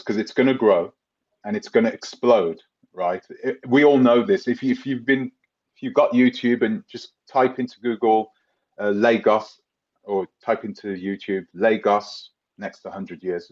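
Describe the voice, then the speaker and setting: A man's voice: on the low side, moderate pace, lo-fi sound. A man with a London accent hosts a live Q&A stream, rambling casually, laughing and answering viewers by name. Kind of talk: live Q&A reading viewer comments.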